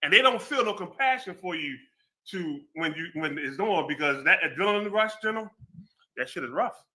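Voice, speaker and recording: Former cop, male, high lively bright voice, slangy storyteller. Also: a little fast. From American Southwest. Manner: street slang, animated storytelling. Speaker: former law enforcement. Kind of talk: casual chat.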